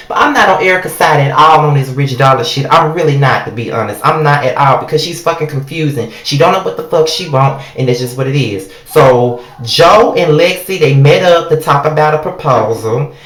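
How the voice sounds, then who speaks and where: A woman's voice: sits low, brisk, few pauses. A woman reviewing a reality show in a casual, blunt, heavily profane rant, talking straight at the people in it. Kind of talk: casual ranting recap. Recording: echoey room.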